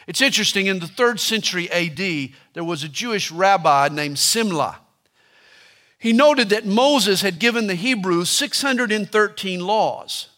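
A man's voice: high-pitched, sharp tone. A man preaching a sermon, emphatic and repeating scripture lines with building force.

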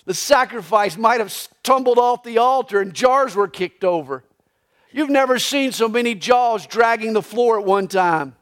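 A pastor preaching a live Sunday sermon in a church, telling the story dramatically and swinging between hushed and loud passages. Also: male voice, very high voice, animated, moderate pace. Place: church sanctuary during a live Sunday service.

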